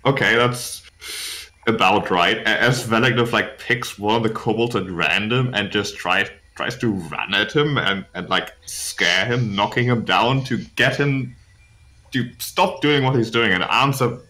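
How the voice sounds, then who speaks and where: A man playing a tabletop game in a low, slow voice with a bright edge. He talks haltingly, restarting his sentences and filling gaps with fillers. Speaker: player.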